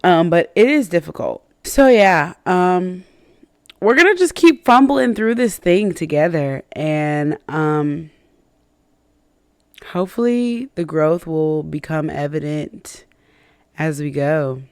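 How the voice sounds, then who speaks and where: A woman's voice: deep voice, lively intonation, takes it slowly, a little mellow, clean tone, no echo, clean studio sound. A woman hosting a personal faith podcast, talking candidly and reflectively, with many fillers and restarts and self-conscious laughs between thoughts. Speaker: podcast host.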